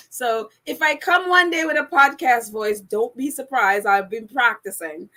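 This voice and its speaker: Female livestream host, high and bright, loose casual chat, frequent laughter, voice all over the place. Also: slow pace. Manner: laughs often, voice jumps around in pitch. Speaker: livestream host reading viewer comments.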